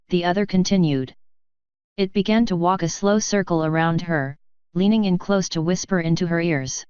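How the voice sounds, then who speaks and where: A woman reading fanfiction aloud in steady, measured scripted narration, on a dull, dry recording. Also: fairly low pitch, smooth, dry recording. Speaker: fanfiction reader.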